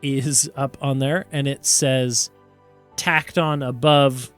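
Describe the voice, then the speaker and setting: A man narrating a tabletop game as game master, relaxed with many fillers. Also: medium pitch, slow, faint music behind. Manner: relaxed, lots of fillers and self-corrections.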